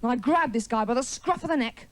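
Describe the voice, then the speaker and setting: A woman comedian delivers a stand-up story in a TV studio to a live crowd, mocking herself wryly in a chatty way and ribbing the audience. She speaks quickly in a slightly high voice, and the recording is dry.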